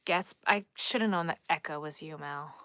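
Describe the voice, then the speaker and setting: A woman's voice: sits low, normal speed, pushed and bright, no room sound. A woman with a Long Island accent hosting a crochet live stream, chatting casually and thinking aloud as she works and reads the chat.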